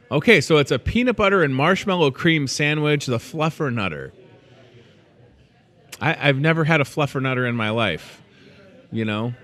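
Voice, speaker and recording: A man's voice: a little high, fairly bright tone. A man hosting a store's daily show, chatting casually and joking about food with playful asides. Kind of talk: casual chat.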